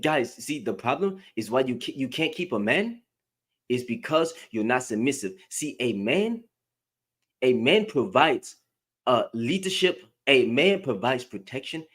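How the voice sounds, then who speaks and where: A man's voice: medium pitch, big pitch swings, a little slow, a bit bright, slightly rough, voice pushed down, exaggerated voice. A man mocking a smug preachy lecturer. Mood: smug lecturing.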